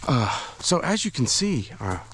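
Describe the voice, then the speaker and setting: A man vlogs while hiking through a forest, out of breath and talking in a rambling, hesitant way full of fillers and restarts. His medium-pitched voice is sing-song, unhurried and a bit bright, with a little hiss or hum in the audio.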